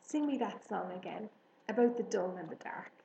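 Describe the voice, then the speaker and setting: A woman's voice: medium pitch, animated, normal speed, creaky, dark tone, highs cut off, slight background noise. A woman voicing a young, innocent male pig who anxiously begs and pleads. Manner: anxious, begging. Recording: roomy echo.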